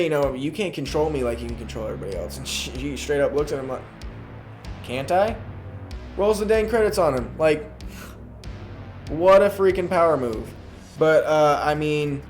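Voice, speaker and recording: A man recapping a TV episode in a casual, chatty way, full of fillers and growing excitement. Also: medium pitch. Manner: chatty, fills talk with "you know" and "like", grows excited. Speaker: YouTube show reviewer.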